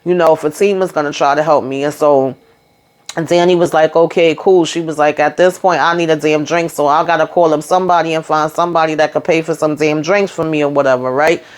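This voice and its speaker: Animated woman recapping a TV episode. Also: brisk. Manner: animated retelling, acts out quotes with rising pitch. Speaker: TV recap YouTuber.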